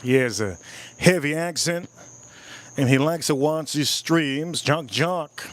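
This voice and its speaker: A man's voice: fairly high pitch, takes it slowly. A man hosting a casual live stream, tasting whiskey and joking with his chat in a playful, repetitive way. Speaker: livestream host reviewing whiskey.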